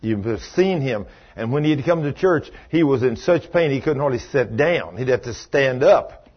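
A man preaching a sermon as pastor, telling stories and swinging from loud exclamations to hushed, low passages. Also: lively intonation, normal speed, slightly rough, highs cut off.

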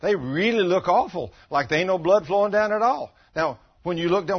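A man's voice: high voice, a little fast, slightly rough, dull audio. A man in his sixties preaching a folksy testimony sermon, telling stories and acting out the voices of the people in them. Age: 60s. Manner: animated storytelling, acting out quotes.

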